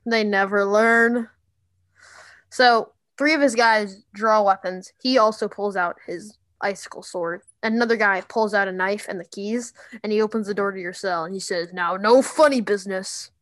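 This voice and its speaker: A woman narrating a tabletop game as game master, in a casual, halting way with many fillers. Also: medium pitch, fairly bright tone, no room sound.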